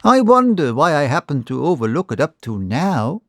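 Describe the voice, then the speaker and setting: A man's voice: fairly high pitch, very animated, normal speed, a bit bright, dry recording, studio quality, voice pushed up. A man doing a cold outlaw's mild drawl. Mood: brooding.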